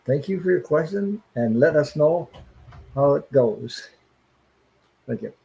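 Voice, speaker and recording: A man's voice: a little high, animated, measured pace, gravelly, warm tone, poor audio. A man hosting a tarot livestream, chatting casually and rambling with many fillers, sounding tired.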